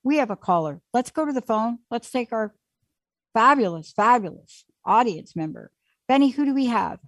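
A woman hosting a call-in talk show, talking in an animated, chatty way and taking callers. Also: on the high side, normal speed, no room sound. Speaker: host.

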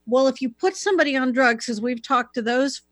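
A woman with a voice pitched a little high speaks in an earnest, explanatory way. She talks in a casual back-and-forth style. The recording is dry and close to the mic. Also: a little fast, dry recording. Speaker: co-host. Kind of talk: casual discussion.

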